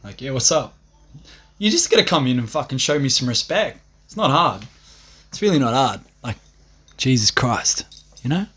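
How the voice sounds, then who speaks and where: A man's voice: medium pitch, expressive, normal speed, fairly bright tone. A young man rambling profanely on a livestream, swaggering and laughing at his own jokes.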